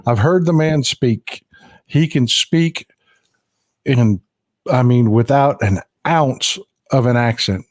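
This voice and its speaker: A man's voice: medium pitch, takes it slowly, long pauses, no room sound. Folksy blunt man, dry close sound. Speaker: host. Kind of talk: casual political chat.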